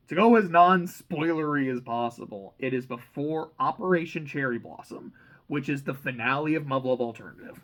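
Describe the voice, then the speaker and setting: A young man giving a casual, excitable book reaction, rambling and swearing freely. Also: mid-range voice, low-quality recording. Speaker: reaction channel host.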